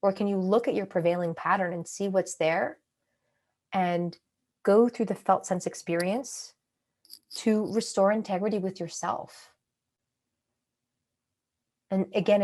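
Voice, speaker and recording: A woman coaching a group on a call, speaking calmly and reflectively, sometimes acting out her own inner thoughts. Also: fairly low pitch, normal speed, pauses often. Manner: calm, reflective, acts out inner monologues.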